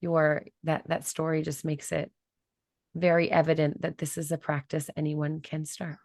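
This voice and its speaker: Low-voiced woman host. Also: monotone, darkish tone, no room sound, studio quality. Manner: measured, thoughtful, restates the guest's point. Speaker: podcast host. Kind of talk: reflective interview talk.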